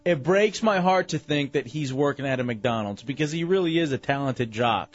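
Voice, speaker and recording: A man's voice: mid-range voice, lively intonation, moderate pace. A male radio talk show host chatting casually with callers, laid-back and rambling with lots of fillers. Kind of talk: casual radio chat taking calls. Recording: slightly dull radio broadcast.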